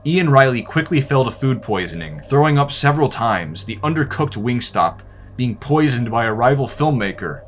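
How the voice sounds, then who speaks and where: A man narrating a behind-the-scenes film in a deadpan, mock-ominous documentary style. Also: medium pitch, moderate pace, a little hiss or hum.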